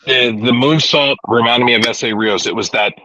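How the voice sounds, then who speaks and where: A man's voice: mid-range voice, fairly even intonation, normal speed, pushed and bright, no echo. A man hosting a casual wrestling talk podcast, rambling and retelling events with restarts. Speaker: podcast host. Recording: dull lo-fi recording, dry.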